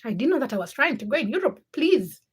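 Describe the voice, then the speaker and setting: A woman's voice: sits high, very animated, fast talker, slightly rough. A young woman from Uganda hosting a casual livestream, reading viewer comments by name and teasing them. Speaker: livestream host.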